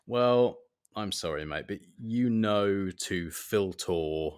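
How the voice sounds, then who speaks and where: A man's voice: fairly low pitch, slow pace, clean tone. A man co-hosting a podcast in casual chat, crude and joking as he reads out listener messages. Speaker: podcast co-host. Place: half in a bathroom, half in a bedroom. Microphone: mic resting on a small outdoor table.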